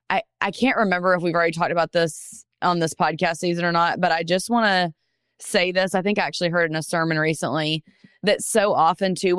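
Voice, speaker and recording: A woman's voice: lowish voice, a bit bright, clean tone, no room sound, clean studio sound. A woman hosting a podcast, talking in a casual and affirming way, easily moved by her guest. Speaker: podcast host.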